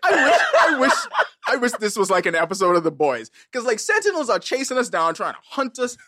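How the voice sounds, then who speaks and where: A man's voice: high voice, fairly quick, no room sound. Male podcast co-host, joking and crude, dry close mic. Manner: animated, joking, profane. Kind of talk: casual banter.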